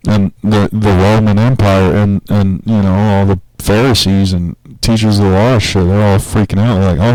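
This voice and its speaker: A man talking casually on a podcast in a rambling, profane, animated way. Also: lowish voice, normal speed, dry recording, poor audio. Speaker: podcast host.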